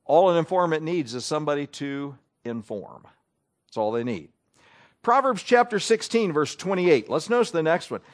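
Animated man preaching a sermon. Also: fairly high pitch. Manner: animated, conversational preaching with rhetorical questions.

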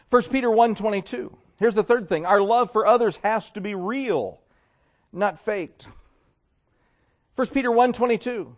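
A man's voice: sits high, a little slow. A male pastor preaching a sermon, acting out mocking voices of churchgoers as he goes.

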